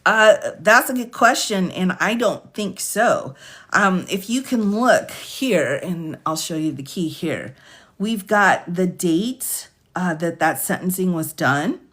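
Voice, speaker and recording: A woman attorney hosting a casual livestream, reading out charges and sentences quickly, chatting with viewers by name and laughing often. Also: on the low side, lively intonation, fairly bright tone. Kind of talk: casual livestream commentary reading case lists.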